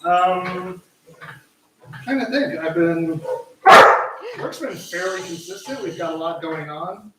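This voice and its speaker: A man hosts a live cooking show from his home kitchen, chatting casually in a rambling, self-mocking way. His voice sits high, and he talks slowly with frequent pauses. The recording is very noisy, in an echoey room with the mic far off.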